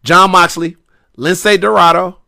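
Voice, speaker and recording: Man, slangy podcast storyteller, bright and a bit high, lively retelling. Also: a little slow, creaky. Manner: animated, slangy, repeats himself. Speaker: podcast guest wrestler.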